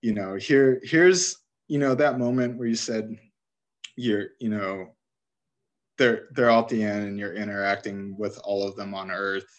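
A man's voice: on the low side, a little slow. A man chatting casually about a video game he loves, rambling through favorite scenes and laughing as he retells them.

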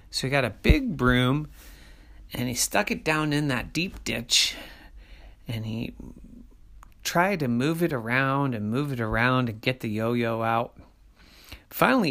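A storyteller telling a children's story in a slow, sing-song way, dropping to soft asides. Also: medium pitch, vocal fry.

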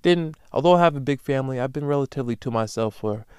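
A young man hosting a solo comedic podcast, ranting emphatically with profanity and loud animated bursts. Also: medium pitch, quick pace, clean tone, no room sound, studio quality. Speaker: podcast host.

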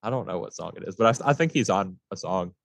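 A man co-hosting a casual music review podcast, blunt and quick to laugh, swearing casually. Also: deep voice, expressive, gravelly, dry recording. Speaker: podcast co-host.

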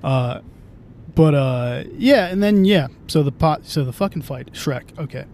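A man with a slightly high voice rambles through a casual podcast chat, swearing freely and starting his sentences over and over. He talks from inside a moving car, with a faint engine rumble under his voice. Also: expressive, unhurried, a little mellow. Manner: rambling, profane, restarts often. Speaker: podcast host.

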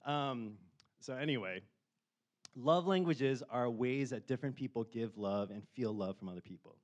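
A man's voice: medium pitch, moderate pace, dull audio. A man in his forties preaching a casual sermon in a chatty, self-deprecating way, rising to impassioned questions at times. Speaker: pastor.

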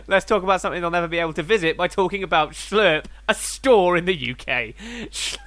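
Bright-voiced British podcast bloke. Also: male voice, sits high, fairly quick, no room sound. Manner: laughing, swearing, excitable. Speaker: podcast co-host. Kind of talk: casual comedic podcast banter.

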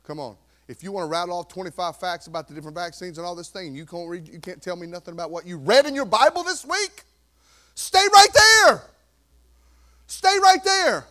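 A pastor preaching a sermon, swinging from quiet asides to loud exhortation and acting out worried churchgoers. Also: male voice, high-pitched, fast, few pauses. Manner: acts out worried churchgoers in quoted voices.

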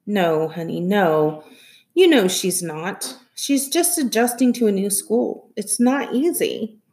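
A woman voicing a tired, tender mother who comforts her son slowly in a soft, near-whispered voice. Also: medium pitch, lively intonation.

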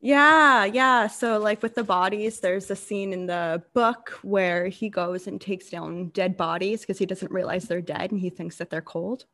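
A woman who is a guest on a casual podcast, eager and explaining things at length. Her voice sits at a middle pitch. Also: steady tone, a little slow, hardly any pauses, sharp tone. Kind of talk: casual chat.

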